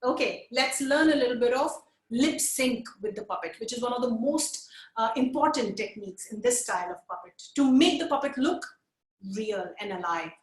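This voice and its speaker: High-voiced woman teaching puppetry. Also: moderate pace, echoey room. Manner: energetic, coaxing, counts along with viewers. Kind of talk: live webinar instruction. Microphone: video call.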